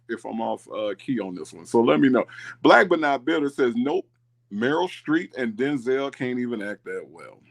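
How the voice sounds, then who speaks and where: Lively gravelly-voiced man hosting a livestream. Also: medium pitch. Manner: animated, reads chat comments aloud, repeats himself. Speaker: livestream host. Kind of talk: casual live chat commentary.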